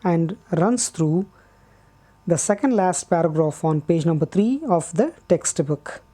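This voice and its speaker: Slow, patient woman teacher. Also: fairly low pitch, animated, mellow. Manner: patient and deliberate, repeats key words, frequent "uh" pauses. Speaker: English teacher. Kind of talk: slow classroom explanation.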